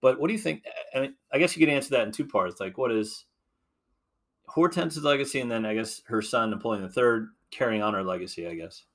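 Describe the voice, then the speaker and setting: A man's voice: medium pitch, a little fast, fairly bright tone. A man hosting a podcast interview, asking questions casually and affirming his guest often. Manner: affirming, with frequent backchannel "mm-hmm". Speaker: podcast host.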